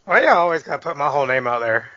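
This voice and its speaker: A man's voice: on the high side, very animated, racing, pushed and bright, no echo. A man co-hosting a podcast in casual chat, joking, teasing and swearing. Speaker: podcast co-host. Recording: dry lo-fi call audio.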